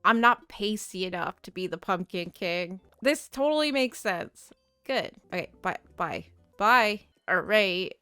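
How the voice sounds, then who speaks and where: A woman's voice: mid-range voice, expressive, unhurried, sharp tone, clear, resonant tone, dry recording, faint music behind. A young woman hosting a gaming channel, chatting playfully through casual gameplay commentary and reading game dialogue aloud.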